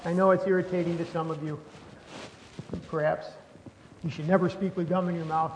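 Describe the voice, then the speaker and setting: A man's voice: on the high side, flat delivery, brisk, slight background noise. A man, a pastor, preaching a conversational sermon while chewing gum, with frequent restarts and rising emphasis. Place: church sanctuary. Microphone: not wearing his lapel mic. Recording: long hall reverb.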